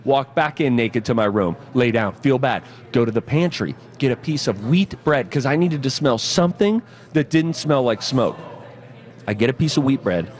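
Man, radio co-host, animated comic storytelling, studio mic, casual banter. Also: mid-range voice, normal speed.

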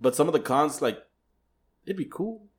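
A man's voice: on the high side, expressive, normal speed. A young man co-hosting a podcast in casual chat, laid-back and swearing, with plenty of fillers. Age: young adult. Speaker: podcast co-host.

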